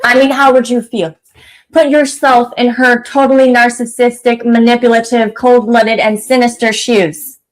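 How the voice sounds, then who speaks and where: A woman's voice: fairly high pitch, little pitch movement, normal speed, lightly acted, rough recording. A woman playing an overdramatic fake-crying mother. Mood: mock-tearful. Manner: mock-tearful, sarcastic, overdramatic. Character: self-pitying middle-aged mother fake-crying. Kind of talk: comedic parody sketch.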